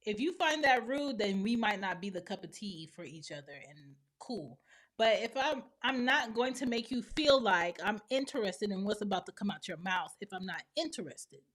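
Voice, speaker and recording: In an animated, slightly bright mid-range voice at moderate pace, a podcast-hosting mother near forty speaks alone. Her monologue is blunt and full of opinions, with other people's words acted out.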